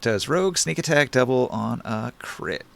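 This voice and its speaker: A man's voice: medium pitch, animated, moderate pace, gravelly, fairly bright tone. A man narrating a tabletop game as game master, thinking aloud over rules with easy fillers.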